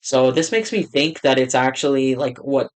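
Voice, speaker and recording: A male pastor talks through a song in a loose, reflective reaction, his voice sitting at an ordinary middle pitch. He pauses to let things sink in, then reacts with quiet exclamations. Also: expressive. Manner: reflective, breaks into soft exclamations. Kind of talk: casual reaction commentary.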